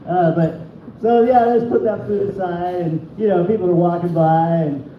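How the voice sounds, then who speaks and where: A man's voice: sits high, fairly even intonation, moderate pace, recorded from a distance, a little hiss or hum. A man performing a crude stand-up comedy set, laughing at his own jokes. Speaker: stand-up comic. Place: small comedy venue. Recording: echoey dull room recording.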